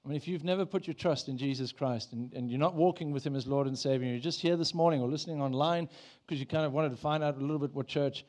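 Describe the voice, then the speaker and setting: Speaking fast with hardly any pauses, a pastor delivers a conversational church sermon full of restarts and first-person prayers he acts out. His voice sits on the high side with a darkish tone.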